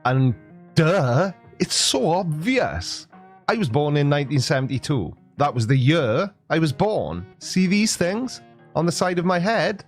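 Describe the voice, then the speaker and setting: A man's voice: a little high, animated, moderate pace, soft background music. A Welsh man in his forties with a sarcastic, jokey delivery, giving a comic monologue. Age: 40s. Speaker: YouTuber.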